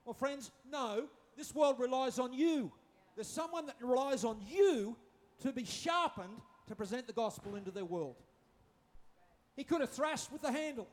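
A man's voice: very high-pitched, lively intonation, normal speed. A man preaching a sermon, joking with his listeners and repeating his phrases. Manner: humorous, acting out quotes, repeats phrases.

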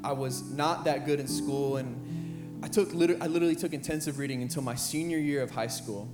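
A young man, a high school pastor, preaching an earnest sermon that repeats phrases and builds in intensity. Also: brisk. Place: church sanctuary with band playing behind. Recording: roomy church hall with live music.

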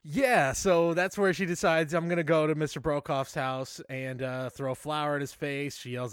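Man, podcast co-host, casual film recap, irreverent, fairly high pitch, dry sound. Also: normal speed, hardly any pauses, clear, resonant tone, no room sound. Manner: irreverent, swears freely, deadpan exaggeration.

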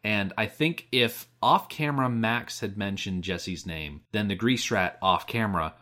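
A woman co-hosting a podcast, joking and animated as she chats about a film. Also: a bass voice, a little slow. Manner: animated and joking, laughs often. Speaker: podcast co-host. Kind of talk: casual film discussion.

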